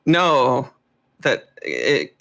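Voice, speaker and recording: A man in his twenties calling in to a stream with a question, hesitant and quick to laugh. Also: mid-range voice, wildly swooping pitch, gravelly, bright, forceful tone. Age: 20s. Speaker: caller. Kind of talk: call-in question.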